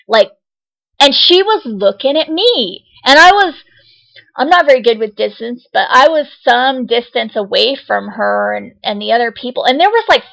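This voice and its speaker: A woman's voice: fairly high pitch, a bit bright, low-quality recording. Agitated insistent woman vlogger. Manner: agitated, insistent, repeats herself. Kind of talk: casual talk to camera.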